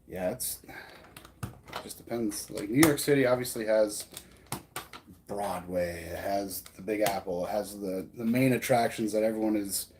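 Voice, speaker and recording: A man's voice: fairly low pitch, background noise. A man with an American accent, hosting a stream and talking in a rambling, casual way with lots of fillers. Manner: rambling, filler-heavy, chatty. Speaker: streamer host. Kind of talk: casual chat.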